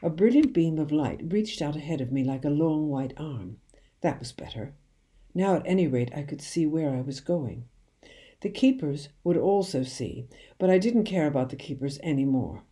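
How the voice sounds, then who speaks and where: A woman reading a children's novel aloud in a slow, hushed storytelling manner. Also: sits low, lively intonation. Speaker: children's book reader.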